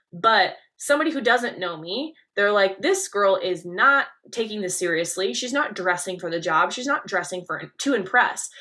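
A young woman hosts a coaching podcast and leans into every point with lively, emphatic stresses. Her voice is bright and forceful, with a mid-range pitch. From Nebraska. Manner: energetic, leaning-in delivery with emphatic stresses. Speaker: podcast host and pageant coach.

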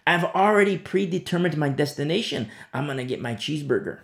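Male preacher, gravelly, chatty storyteller, recorded in a reverberant room. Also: on the high side, animated, fairly quick. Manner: conversational storytelling with frequent "you know". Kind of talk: sermon.

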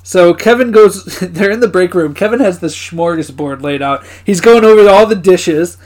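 A man's voice: sits high, moderate pace, darkish tone. A man co-hosting a podcast who casually recaps episodes, laughing often and swearing now and then. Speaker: podcast co-host.

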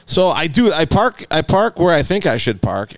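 Talk-show co-host, male, loose rambling storyteller with a lively, swinging delivery and a clear, resonant voice recorded dry and close. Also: a little high, moderate pace, dry recording. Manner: rambling, animated, acts out voices in his stories. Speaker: podcast co-host. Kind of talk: casual storytelling chat.

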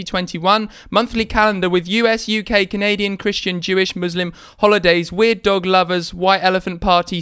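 A man in his twenties co-hosting a casual podcast chat, talking haltingly with many fillers. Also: sits high, sharp tone, clear, resonant tone, dry recording, studio quality. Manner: hesitant, many fillers and restarts. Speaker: podcast co-host, band member.

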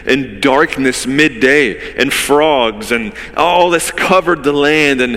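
A man with a mid-range, fairly bright voice, a pastor, delivers a conversational sermon full of vivid storytelling and rhetorical questions, with the long reverb of a large hall around him.

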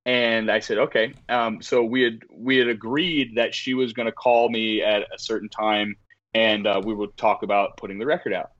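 A man's voice: on the low side, normal speed, lo-fi sound. A man, a podcast guest, chatting casually and telling stories with lots of profanity and fillers. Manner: animated storytelling, frequent profanity and fillers. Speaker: record label owner guest.

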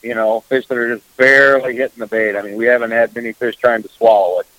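A man's voice: mid-range voice, little pitch movement, fast talker, no echo. Rambling man on dull lo-fi radio. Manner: rambling, heavy on "you know" fillers. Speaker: fishing guest. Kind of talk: casual radio chat.

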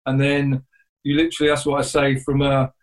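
A man's voice: mid-range voice, monotone, low-quality recording. A man who is a guest telling a painful story in a conversational way, often restarting his sentences. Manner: rambling, halting retelling with many restarts.

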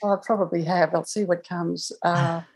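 A woman's voice: lowish voice, steady tone, normal speed, a little mellow, breathy edge, poor audio. A woman guest on a podcast telling a personal story in a reflective, conversational way, laughing now and then. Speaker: guest, angel communicator.

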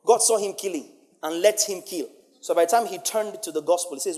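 A male preacher delivering a sermon, emphatic and playful, swinging from loud outbursts to hushed lines. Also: high-pitched, brisk. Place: church hall. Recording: long reverb of a large hall.

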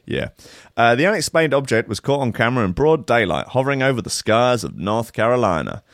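A man's voice: medium pitch, very animated, fairly quick, heavy background noise. A man hosting a comedy show, reading news aloud and breaking off for dry, sardonic jokes. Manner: dry, sardonic, mock-exasperated. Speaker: comedy podcast host.

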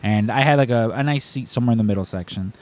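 A man with a mid-pitched voice chats on a podcast and spins a long anecdote. He rambles, restarts his sentences and corrects himself as he goes. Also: fast. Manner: rambling, self-correcting, animated retelling. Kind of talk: casual storytelling chat.

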